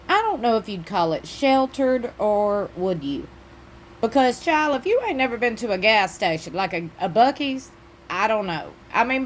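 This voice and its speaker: A woman's voice: medium pitch, slight background noise. Chatty, folksy woman commentator. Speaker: commentary channel host. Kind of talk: casual commentary.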